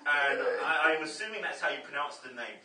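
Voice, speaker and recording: A man's voice: a little high, expressive, brisk, bright, forceful tone. A man doing a stand-up set, chatty and self-deprecating, riffing with the crowd. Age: 30s. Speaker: stand-up comedian. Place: comedy club stage. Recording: roomy, distant live club recording. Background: audience laughter.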